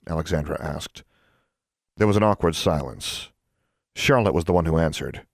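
Deep guy reading an audiobook, lively intonation, dry close sound. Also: moderate pace, dry recording. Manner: expressive storytelling. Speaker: audiobook narrator. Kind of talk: scripted narration.

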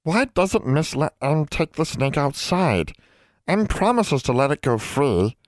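A man voicing an old female house elf who speaks of herself in the third person, slowly and fretfully. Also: fairly high pitch, big pitch swings, no echo, studio quality, voice pushed up.

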